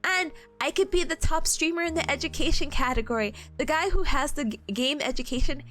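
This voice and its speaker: A woman's voice: sits high, fairly quick, sharp tone. A young adult woman streaming and chatting casually with her viewers, rambling and laughing often between emotional asides. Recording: faint music behind the voice.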